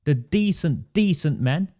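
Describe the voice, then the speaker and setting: A man's voice: fairly high pitch, lively intonation, measured pace, mellow. A man delivering an impassioned political monologue, angry and emphatic, repeating phrases for force and reading out viewer comments by name. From Oldham area, England.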